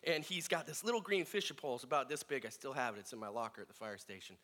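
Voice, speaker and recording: A man's voice: medium pitch, fast. A middle-aged man sharing personal family stories in a reflective sermon, acting out voices as he tells them. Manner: reflective, animated in quoted voices.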